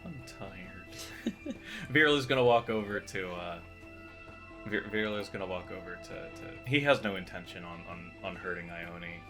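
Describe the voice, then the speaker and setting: A man's voice: low-pitched, moderate pace, over music. A man talking as a player at a tabletop game, hesitant and stumbling over words. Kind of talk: casual chat at a game table.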